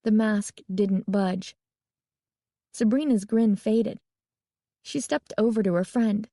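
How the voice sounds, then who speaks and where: A woman's voice: medium pitch, slow pace, pauses often, dark tone, dry recording. Woman narrating an audiobook, dry sound. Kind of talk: scripted narration.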